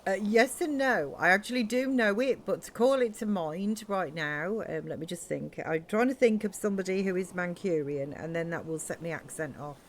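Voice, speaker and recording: A woman's voice: fairly low pitch, normal speed, few pauses, a little hiss or hum. A woman streaming a building game, chatting casually and thinking aloud with many ums. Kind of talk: casual live-stream chat.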